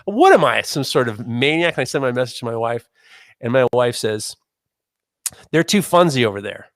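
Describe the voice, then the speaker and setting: A man in his forties telling a self-mocking story in casual chat, animated and swearing as he talks. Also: mid-range voice, normal speed, no room sound, studio quality. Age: 40s. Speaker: podcast host.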